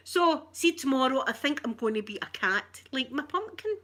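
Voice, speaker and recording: A woman's voice: high-pitched, big pitch swings, unhurried, long pauses, fairly bright tone. A middle-aged Scottish woman chatting to her live-stream viewers, bawdy, flirtatious and full of stories. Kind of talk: casual live-stream chat.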